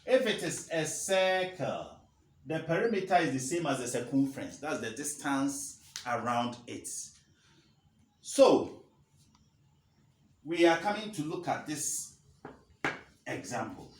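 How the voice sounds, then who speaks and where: Slow man teaching math. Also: fairly high pitch, very animated, far from the mic, a little hiss or hum. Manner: slow, repeats phrases for emphasis. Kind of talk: classroom math lesson. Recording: roomy echo, faint ambience.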